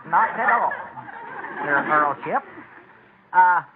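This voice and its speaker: Drawling hillbilly butler, high-pitched, 1940s radio comedy on a lo-fi old broadcast. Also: male voice, animated, slow, very noisy. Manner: drawling rustic talk with put-on British phrases. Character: country bumpkin man posing as a butler.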